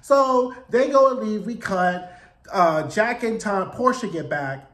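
A man's voice: high voice, animated, slow pace, a bit bright, roomy sound. A man giving a casual, sassy and profane recap of a TV episode, acting out quotes in voices.

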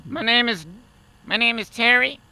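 A timid auditioner. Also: male voice, very high-pitched, normal speed, pushed and bright, heavily acted. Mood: nervous. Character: nervous young man auditioner named Terry.

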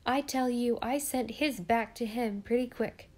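A sensible, proper young girl with a prim, earnest way of speaking, as a woman narrator puts her on. The voice sits fairly high and clear, a storybook reading. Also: unhurried, darkish tone. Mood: indignant. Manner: earnest, sometimes indignant.

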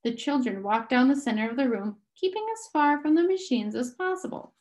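A woman reading a novel aloud slowly and carefully. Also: sits high, animated, a little mellow. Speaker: audiobook reader.

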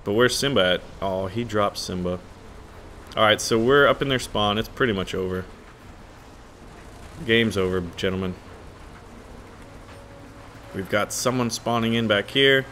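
Male host, casual excitable gameplay commentary, bright tone. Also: lowish voice, a little slow, pauses often, slight background noise. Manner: excitable, joking, chatty. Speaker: gaming channel host.

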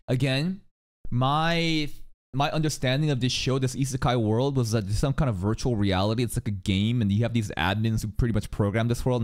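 A woman reacting live to an anime, excitable and profane, laughing often and thinking aloud. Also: a bass voice. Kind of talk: casual live reaction commentary.

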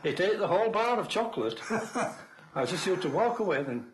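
An older man, a retired coal miner, reminiscing in casual conversation, unhurried and full of fillers. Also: high-pitched, sing-song. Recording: roomy echo, faint noise.

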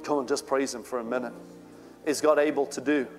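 A man's voice: mid-range voice, steady tone, a little fast, soft background music. A male pastor preaching a sermon with fervent, rising outbursts.

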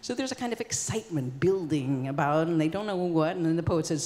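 Here a sixtyish woman, a performance artist, moves briskly through an old tale before a live audience, her voice low and dark. The delivery is conversational and full of "you know" and "like," echoing with the long reverb of a concert hall stage.

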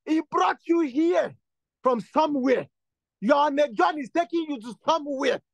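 A man with a very high voice leads a prayer meeting, pressing the same phrases again and again and rising into fervent bursts. His voice sounds dry and close, with no room echo. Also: animated, moderate pace, vocal fry. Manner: repetitive, insistent, builds to fervent bursts. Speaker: prayer leader. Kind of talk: exhortation and spoken prayer.

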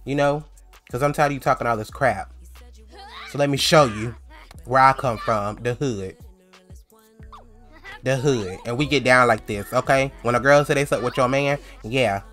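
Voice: mid-range voice, moderate pace, long pauses, fairly bright tone, soft background music, natural voice. A man voicing a jealous young woman in a life-sim story, talking back to a rival with sassy slang. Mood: furious.

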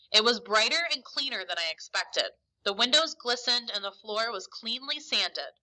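A woman reads a novel aloud for a lesson, and her storytelling is expressive and emphatic. Her voice is very bright, ringing and fairly high. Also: rough recording. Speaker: teacher.

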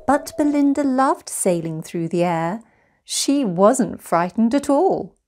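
Brief: woman storyteller, slow unhurried pace, lively lilting pitch. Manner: slow, gentle and expressive. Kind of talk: reading a children's picture book aloud.

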